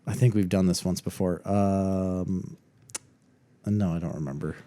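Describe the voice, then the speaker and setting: A man's voice: low voice, fairly even intonation, unhurried, dark tone. A man in his thirties co-hosting a podcast in casual chat, joking around and insisting on his points. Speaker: podcast co-host. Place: indoor room during a storm.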